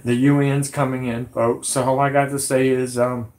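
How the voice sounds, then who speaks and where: A man with a drawl whose voice is hoarse and worn from illness. He rambles to his viewers, agitated and pleading, circling back over the same words again and again. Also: medium pitch, level tone, moderate pace, hardly any pauses, darkish tone. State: hoarse, sick voice. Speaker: conspiracy vlogger. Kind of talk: rambling monologue to camera.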